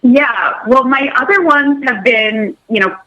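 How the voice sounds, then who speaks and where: A woman's voice: sits high, unhurried, sharp tone, muffled recording. A woman guest on a radio show, telling her story in an upbeat, chatty way. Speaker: guest, hotel owner. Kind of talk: radio interview.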